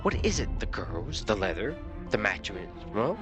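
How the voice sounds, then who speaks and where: A man playing a sly, fast-thinking schemer. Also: lowish voice, big pitch swings, music in the background. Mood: coaxing. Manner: brisk, coaxing and impatient. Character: quick-witted, scheming human man.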